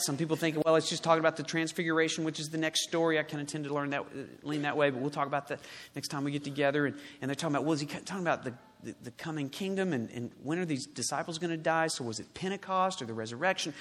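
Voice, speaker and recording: Husky preaching man in echoing hall. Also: a little high. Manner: preaching with dramatic swells and hushed drops. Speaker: pastor. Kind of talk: sermon. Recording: long reverb in a large hall.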